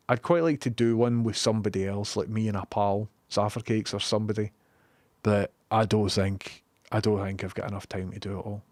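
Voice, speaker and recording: A man's voice: on the low side, a little mellow, no echo. A young Scottish man chatting casually on a live stream from his home studio, joking and reading out viewer messages. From Scotland.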